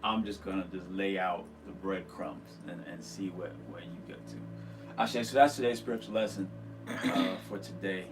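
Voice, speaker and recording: A man's voice: low-pitched, steady tone, normal speed, music in the background. A man co-hosting a spirituality show in a loose, rambling way, with many restarts and fillers. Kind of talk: casual spiritual talk and Q and A.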